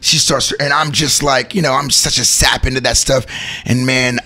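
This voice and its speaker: Host, male, thirties, bright voice, animated storyteller. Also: medium pitch, moderate pace. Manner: animated, laughing, acts out stories. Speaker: host and wedding DJ. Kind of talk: casual storytelling chat.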